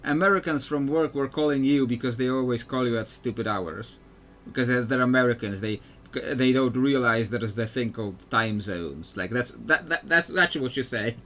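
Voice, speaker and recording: A male streamer gives casual commentary on his game, rambling and laughing often. His voice sits at a middling pitch over a faint background hum. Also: moderate pace, hardly any pauses, a bit bright.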